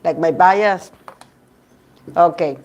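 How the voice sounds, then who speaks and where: A woman host chatting casually about idol news, gossipy and quick to laugh, often restarting her sentences. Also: lowish voice, darkish tone, dull audio, slight background noise. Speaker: tarot reader and channel host. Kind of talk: casual chat reading live comments.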